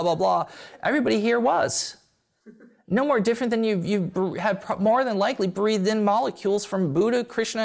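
A man with a gravelly, creaky edge to his voice, teaching a seated group in a blunt, irreverent way. His pitch swings widely as he jokes, swears and acts out little voices to make his points. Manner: blunt, joking, peppered with swearing; animated, acting out voices in quotes. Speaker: spiritual teacher. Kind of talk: live talk to a seated group.

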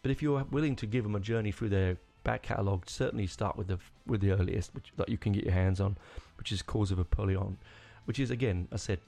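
A man talks on his own as a podcast host, rambling with plenty of restarts and real enthusiasm. His voice sits low and gravelly. Soft music plays faintly behind him. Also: fast, few pauses. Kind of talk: casual solo rambling.

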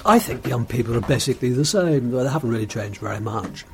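A man's voice: medium pitch, expressive, fast talker, a little hiss or hum. An older man with a Bolton accent under a put-on transatlantic one, guesting on a radio chat with dry, self-mocking humour. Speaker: guest, a co-host's father.

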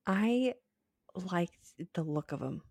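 A woman with a lower-pitched voice co-hosting a podcast, playful and jokey. She reacts quickly with wry humor. The mic is close and dry. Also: expressive, creaky, darkish tone, dry recording. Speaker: podcast co-host. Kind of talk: casual podcast chat.

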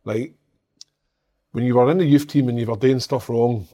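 A man's voice: mid-range voice, moderate pace. A man, a former footballer telling stories in a casual chat and swearing freely. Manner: swears freely, animated storyteller.

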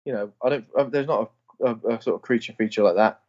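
A man's voice: on the low side, quick pace, darkish tone, lo-fi sound. A man co-hosting a casual podcast, blunt and self-deprecating, with some mild swearing. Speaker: podcast co-host. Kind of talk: casual chat.

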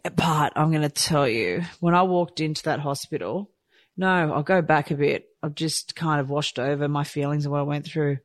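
A woman telling a personal story candidly and from the heart, rushing and restarting her sentences. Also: deep voice, no room sound. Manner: heartfelt, rushed, with frequent restarts. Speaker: storyteller sharing a personal experience.

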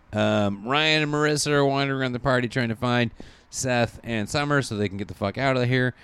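A man casually recapping a TV episode for friends, rambling and slipping into quick mocking voices for the characters. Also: medium pitch, fairly bright tone, clear, resonant tone. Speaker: podcast host recapping a TV episode. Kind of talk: casual comedic recap chat.

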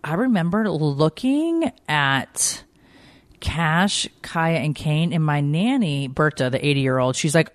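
A woman's voice: sits low, slow pace, no room sound. Chatty woman podcast host, casual storyteller, dry close sound. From Georgia, US. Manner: chatty storyteller, lively quoted voices. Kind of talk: casual chat.

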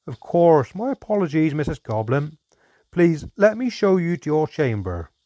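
A man voicing a shrewd old male dwarf innkeeper who talks jovially, then quietly probes. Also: a little high, very animated, normal speed, no room sound, voice pushed up. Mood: probing.

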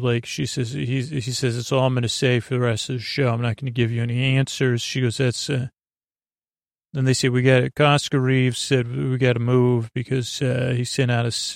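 A man hosting a podcast, casually recapping an episode in a halting way, full of fillers and restarts. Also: medium pitch, gravelly, dry recording, clean studio sound. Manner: retells scenes in a flat paraphrase of the dialogue. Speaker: podcast host.

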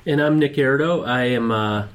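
A man's voice: medium pitch, moderate pace. A man from a podcast team, talking in an easygoing, casual way with some fillers.

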